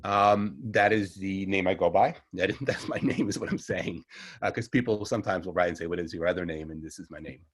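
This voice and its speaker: A middle-aged man with a Long Island New York accent talks through a class in a loose, rambling way, often correcting himself as he goes. His voice sits on the low side and has a husky, slightly rough grain. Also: a little fast. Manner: rambling, chatty, self-correcting with small laughs. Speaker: herbalist teacher. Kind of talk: casual online class lecture.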